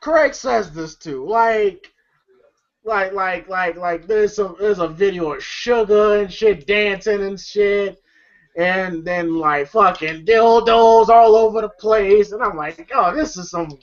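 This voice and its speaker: A movie reviewer retells a comedy scene by scene in a loose, rambling monologue full of fillers and casual swearing. The pitch sits in a middling range and often breaks into laughter. The sound is a bit dull and lo-fi. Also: slow pace. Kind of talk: casual film recap.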